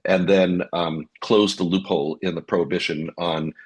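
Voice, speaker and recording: A man as a guest on a fintech podcast, explaining in a measured way, with many ums and uhs. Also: low voice, fairly even intonation, breathy edge. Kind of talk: casual podcast conversation.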